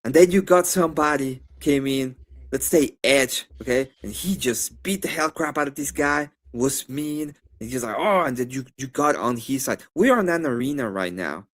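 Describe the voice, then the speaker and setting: A man's voice: mid-range voice, moderate pace. Rambling man with a Spanish accent. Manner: rambling, animated, full of fillers and restarts. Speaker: debater. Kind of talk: live-stream debate.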